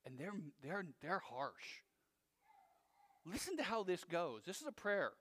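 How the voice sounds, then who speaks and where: A man's voice: high-pitched, measured pace. Male pastor, conversational sermon with asides, echoing hall. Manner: animated, conversational preaching with asides to the audience.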